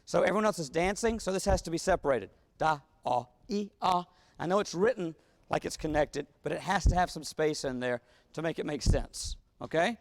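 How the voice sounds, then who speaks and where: Leading a wind band rehearsal, this man talks fairly quickly in a fairly high voice with vocal fry, coaxing players and singing rhythms on syllables. The wireless body mic catches long hall reverb and band music in the large room.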